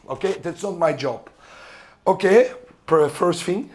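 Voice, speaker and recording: A middle-aged French-accented man lectures a room of coaches in English, his voice sitting notably high for a man. He talks in halting bursts, often stalling on fillers while he hunts for the right word. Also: lively intonation, a little mellow. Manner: halting, searches for words, frequent fillers. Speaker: volleyball coach giving a seminar talk.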